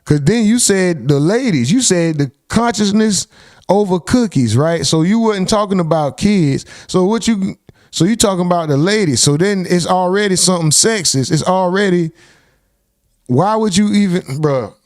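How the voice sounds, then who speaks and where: A man's voice: sits high, animated, moderate pace, a little mellow, dry recording, clean studio sound. A young man hosting a live reaction stream, reacting in disbelief, swearing and reading chat comments aloud.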